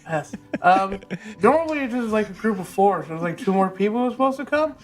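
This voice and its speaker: A woman's voice: medium pitch, expressive, close to an everyday voice. Woman playing a nervous, rambling adventurer. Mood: awkward. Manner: rambling, halting, awkward. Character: nervous, money-minded human adventurer woman.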